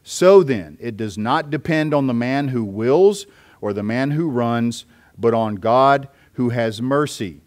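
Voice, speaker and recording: A male pastor delivers an expository sermon at a middle pitch. He explains scripture point by point, pausing now and then on small fillers as he lays out his argument. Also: expressive, darkish tone.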